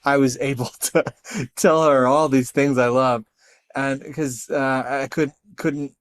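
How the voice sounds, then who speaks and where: A middle-aged man, a guest on an interview podcast, chatting casually in a lively, self-deprecating way and acting out the voices he quotes. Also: medium pitch, clean tone, no echo. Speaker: guest, storyteller and artist.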